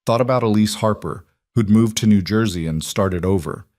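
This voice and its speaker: A man reading a dramatic crime story as scripted narration, with a steady storytelling delivery. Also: lowish voice, normal speed, dry recording, clean studio sound.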